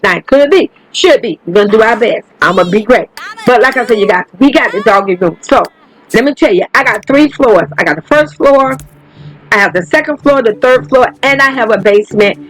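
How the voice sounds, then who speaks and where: A woman hosting a gaming channel, chatting casually and animatedly to her viewers, swearing freely and laughing often as her voice jumps up when she gets excited. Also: a little high, rough recording. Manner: animated, chatty and profane, calls viewers baby. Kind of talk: casual gameplay commentary.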